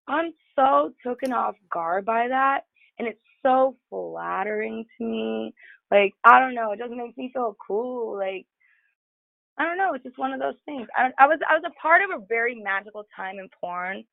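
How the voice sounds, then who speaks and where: Woman guest, gravelly voice, dry tinny phone-quality line, profane, candid casual storyteller. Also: fairly high pitch, animated, normal speed, no echo. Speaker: podcast guest. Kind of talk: casual chat.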